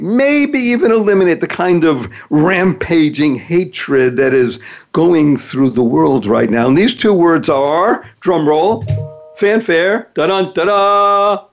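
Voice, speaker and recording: Male podcast host, emphatic and upbeat, slightly high pitch, dull lo-fi audio. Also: darkish tone. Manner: upbeat, emphatic, playful acronyms. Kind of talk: motivational talk.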